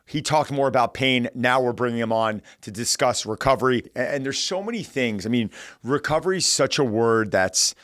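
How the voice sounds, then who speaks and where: A man's voice: mid-range voice, normal speed, fairly bright tone, no echo, studio quality. A man in his forties hosting a podcast, talking in an upbeat, chatty way with loose fillers and restarts. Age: 40s. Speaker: podcast host. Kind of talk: casual podcast intro and conversation.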